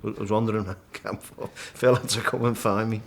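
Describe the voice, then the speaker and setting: A middle-aged man, a guest in a casual interview, vividly retelling his climb and acting out the shouts and thoughts along the way. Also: lowish voice, fairly quick, vocal fry. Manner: animated storyteller, acts out his own shouts and thoughts. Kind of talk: storytelling in casual conversation.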